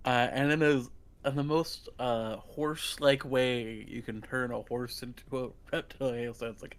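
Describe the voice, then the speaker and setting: A man's voice: mid-range voice, fairly even intonation, a little slow. A man playing a tabletop game, casual, hesitant and joking. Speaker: player.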